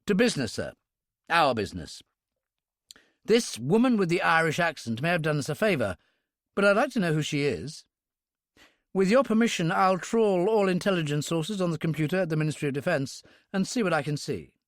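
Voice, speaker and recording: A man voicing a tough young woman police inspector in an audiobook, speaking crisply and in a businesslike way. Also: fairly high pitch, very animated, fairly quick, dry recording, studio quality, voice pushed up.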